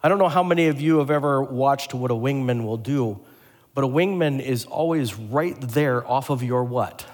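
A pastor delivering a lively sermon, asking the congregation questions and joking with them. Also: male voice, mid-range voice, normal speed. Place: church sanctuary. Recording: long hall reverb.

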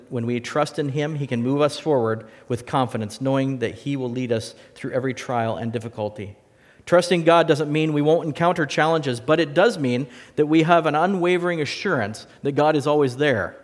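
Man preaching in an echoing hall. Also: mid-range voice. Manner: earnest, rises in emphasis and drops soft. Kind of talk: sermon with closing prayer.

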